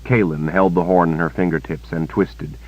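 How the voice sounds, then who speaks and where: A man narrating an audiobook in a steady, measured reading. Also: low-pitched. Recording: dull lo-fi cassette recording.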